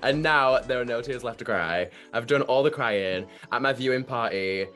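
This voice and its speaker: A man's voice: mid-range voice, moderate pace, fairly bright tone, faint music behind. A young man, a drag queen guest chatting in a giggly, playful and theatrical way. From Manchester, England. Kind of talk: casual interview chat.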